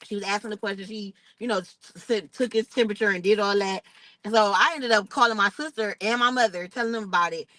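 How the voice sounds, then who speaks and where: A young woman, telling a personal story in a casual vlog, animated and expressive. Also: mid-range voice, quick pace, no room sound, poor audio. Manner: animated, expressive retelling with outraged quoted asides. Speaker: vlogger.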